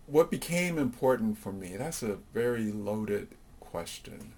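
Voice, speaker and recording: Low-voiced man telling his life story. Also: lively intonation, measured pace, a little mellow, slight background noise. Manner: reflective storytelling, many fillers, acts out quoted voices. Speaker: interview guest. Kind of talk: personal life story in an interview.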